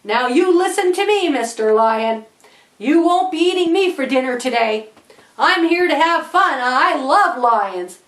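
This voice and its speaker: A woman voicing a bold, cheerful little boy who shouts eagerly and fearlessly in a storybook reading. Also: sits high, animated, unhurried, echoey room. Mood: commanding.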